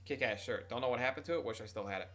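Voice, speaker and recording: A man's voice: medium pitch, racing, pushed and bright. A young adult man streaming, casually telling a rambling, profane, self-mocking story to his chat.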